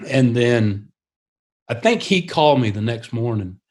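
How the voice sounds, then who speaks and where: A man's voice: medium pitch, expressive, a little slow, darkish tone. A man who pilots attack helicopters, a podcast guest telling his stories in an earnest, casual way and laughing often.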